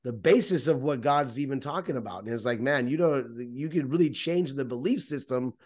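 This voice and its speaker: A man in a casual faith discussion, talking haltingly with many restarts and repeated words. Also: medium pitch, darkish tone. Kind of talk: casual chat.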